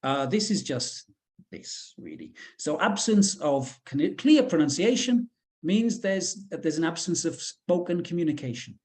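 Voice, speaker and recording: A man's voice: a little high, sing-song, measured pace, a little mellow. A man from the UK presenting a teacher-training webinar, talking in a chatty way with frequent fillers.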